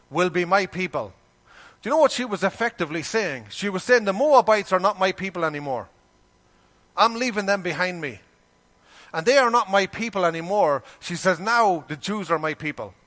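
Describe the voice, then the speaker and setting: A man preaching a sermon, animated and full of rhetorical questions, with folksy everyday grammar. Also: high voice.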